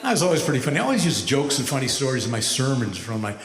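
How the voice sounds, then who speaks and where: A man in his seventies, a rabbi doing stand-up comedy, telling stories with a wry, measured delivery and deadpan punchlines. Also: mid-range voice, a little hiss or hum. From United States. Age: 70s. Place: large hall with a live audience. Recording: echoey hall from far off.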